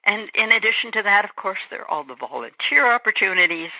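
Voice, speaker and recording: A woman's voice: medium pitch, expressive, fast talker, no room sound. A woman in her eighties, born in Germany, speaking as an interview guest in a reflective, earnest way. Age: 80s. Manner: reflective, earnest, acts out small quoted remarks. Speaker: guest author. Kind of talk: interview conversation. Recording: dull lo-fi radio recording.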